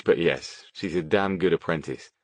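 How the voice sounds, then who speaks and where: Brief: wry, grumbling wizard, low and close, the narrator's own register. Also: male voice, moderate pace, no echo, lightly acted. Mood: dry. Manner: dry, muttering, deadpan. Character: dry, reserved male mage, wry and grumbling.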